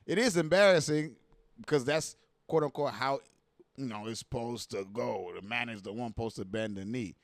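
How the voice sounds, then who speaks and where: A man offers casual reaction commentary at a moderate pace in a medium-pitched voice, with no echo. He's animated and profane, packing his talk with slang and repeated asides like "you know what I mean."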